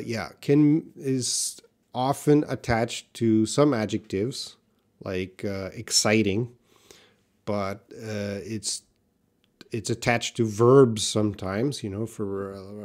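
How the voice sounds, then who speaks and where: A middle-aged man from Canada with a light Canadian accent, answering viewers' questions in a live English lesson and thinking aloud with many pauses and restarts. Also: on the low side. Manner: relaxed, thinking aloud with frequent uhs and restarts. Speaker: English teacher.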